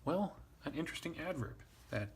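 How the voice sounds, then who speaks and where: A man's voice: fairly high pitch, lively intonation, a little fast, slight background noise. A man teaching Latin translation in a casual, thinking-aloud way, wry and self-deprecating.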